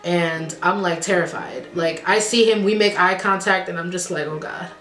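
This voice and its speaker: A young woman vlogger, from the Midwest, telling a personal story in a casual, animated way with plenty of fillers and asides. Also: fairly low pitch, normal speed, echoey room, soft background music. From Chicago.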